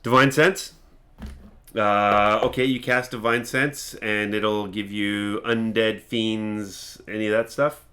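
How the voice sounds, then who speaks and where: Brief: male game master, slow, halting, bright tone. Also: lowish voice, fairly even intonation. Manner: hesitant, many fillers, laughs often. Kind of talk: narrating a tabletop game.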